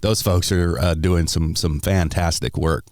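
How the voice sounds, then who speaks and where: A man's voice: low voice, steady tone, a little slow, darkish tone, no room sound, clean studio sound. An American man hosting a podcast in casual chat, laughing often and restarting his sentences. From United States. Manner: chatty, laughs often, many fillers and restarts. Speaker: podcast host.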